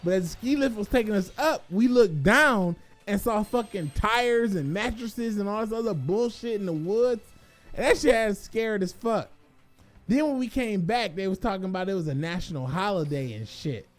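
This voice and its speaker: A young man telling a vacation story in a casual, animated rant, swearing and laughing. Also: high voice, normal speed, soft background music.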